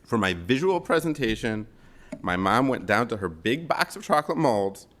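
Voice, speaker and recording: A man in his forties from the Chicago area, giving a funeral eulogy for his mother as gently humorous storytelling. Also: medium pitch, big pitch swings, moderate pace. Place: funeral service.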